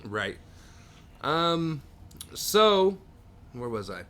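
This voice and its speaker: A man's voice: fairly high pitch, very animated, drawn-out words, a bit bright. A man co-hosting a podcast, casually recapping comic book plots at length with dry jokes. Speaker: podcast co-host.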